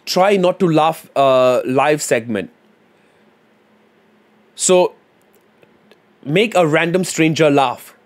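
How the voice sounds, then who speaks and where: A man live streams with a fairly high, lively voice, speaking slowly with long pauses. He chats loosely with viewers, thinking aloud and mumbling as he reads chat and types their suggestions. His casual talk is slangy and full of fillers.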